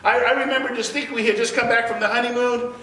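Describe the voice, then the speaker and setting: A man teaching a church Bible class. He tells personal stories in an animated way, stammers and restarts, laughs as he talks, and drops his voice low for effect. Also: fast. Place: church sanctuary. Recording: roomy church sound picked up from a distance.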